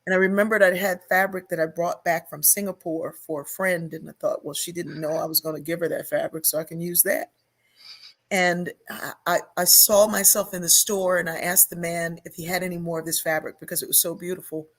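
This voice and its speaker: Older woman, lowish voice, storytelling guest, acts out voices. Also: steady tone, brisk. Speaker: guest, sociologist and author. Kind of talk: storytelling interview talk.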